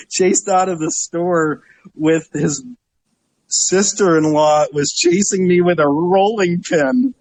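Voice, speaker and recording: A middle-aged man with a slightly high voice tells stories in a relaxed interview. He acts out the people he describes and laughs often. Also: slow pace, low-quality recording. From Northeast Ohio. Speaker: guest, travel website owner. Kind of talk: casual storytelling interview.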